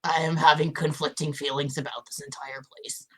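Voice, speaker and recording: A woman playing a tabletop game, playful and flattering in character. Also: sits low, fairly quick. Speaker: player. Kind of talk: tabletop game chat and role-play.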